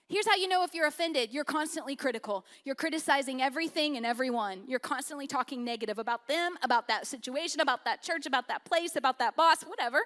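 A woman pastor preaches with a very high, bright, forceful voice. She talks to the congregation like a friend, joking, then drops to a near-hush to drive a point home. It is lively, personal church preaching rather than a formal address. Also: fast, few pauses. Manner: conversational preaching with humor, swinging from loud to hushed. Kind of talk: sermon.

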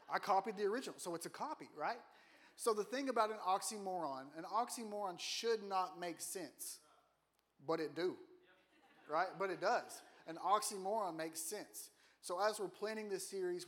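A man's voice: high voice, fairly bright tone. A man giving a casual, joking sermon in a church, often putting questions to the congregation. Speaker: guest preacher. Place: church auditorium.

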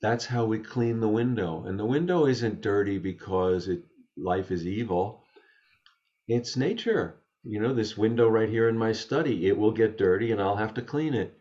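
Low-voiced man, gentle and reflective. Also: normal speed, lo-fi sound. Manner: gentle, thoughtful, with frequent restarts. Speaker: interview guest. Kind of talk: reflective storytelling in conversation. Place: home study.

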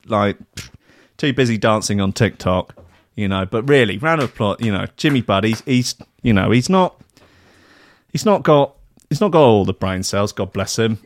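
A man's voice: mid-range voice, no echo. A man hosting a casual drinking chat show, rambling and swearing with a self-mocking tone and frequent restarts.

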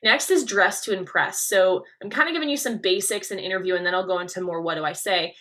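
Bright, energetic woman coaching podcast host. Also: medium pitch, fast. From Nebraska. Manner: energetic, leaning-in delivery with emphatic stresses.

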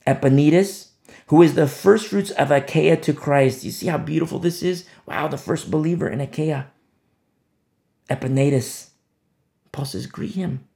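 A man preaching an expository sermon, passionate, repeating words for emphasis and swinging between loud declarations and hushed asides. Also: a little high, gravelly. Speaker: pastor.

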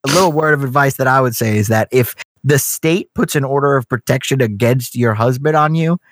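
A man's voice: medium pitch, dry recording. A young man telling a long, profane story in casual podcast chat. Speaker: podcast co-host.

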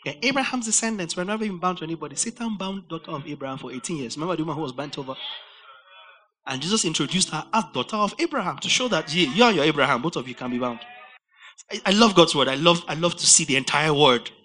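A man preaching a verse-by-verse Bible study sermon, animated and rising to near-shouts for emphasis. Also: fairly high pitch, quick pace, a little hiss or hum.

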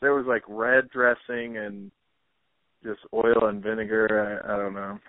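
A man's voice: on the low side, level tone, unhurried, dry recording. A man hosting a podcast, chatting casually with many fillers. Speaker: podcast host. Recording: dry, phone-like narrow sound.

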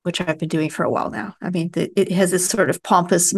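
Host, woman, gravelly low-ish voice, measured questions. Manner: thoughtful, measured questions with hesitations. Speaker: podcast host, interviewer. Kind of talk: conversational interview.

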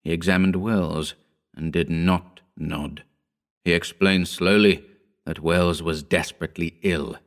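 A man reading a horror story aloud in scripted narration, measured and somber. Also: low voice, steady tone. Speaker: audiobook narrator.

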